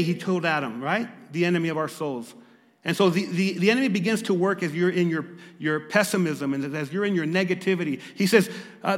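A man's voice: high voice, brisk. Man preaching in an echoing hall. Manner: repeats words when restarting, rises to loud emphatic reading. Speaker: pastor. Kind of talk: sermon. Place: church service.

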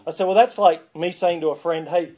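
Joking pastor preaching. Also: male voice, fairly high pitch, brisk. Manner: lively, joking, calls for responses. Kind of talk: sermon.

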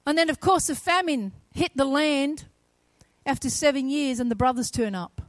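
A woman preaching a sermon, retelling a story with shifts from quiet to loud, emphatic passages. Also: high voice, normal speed, no echo.

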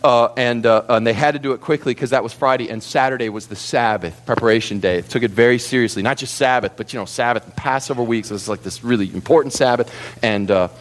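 A man preaching a sermon to a congregation, telling the story in an animated, theatrical way. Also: medium pitch, fast. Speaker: pastor.

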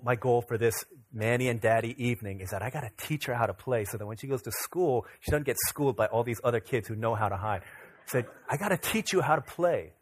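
A man in his thirties, a pastor, preaching a sermon that opens with a lively family anecdote, acting out the dialogue in it. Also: mid-range voice. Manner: animated, acts out dialogue in anecdotes. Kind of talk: sermon with storytelling.

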